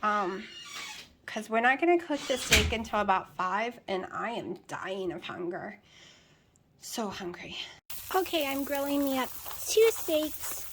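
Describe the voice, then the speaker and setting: Recording a casual home vlog indoors, a keto weight-loss vlogger with a rural American country accent gives blunt, candid talk to a camera on a tripod with a light, repeating things for emphasis. Her voice is on the high side, expressive and unhurried, and there is background noise.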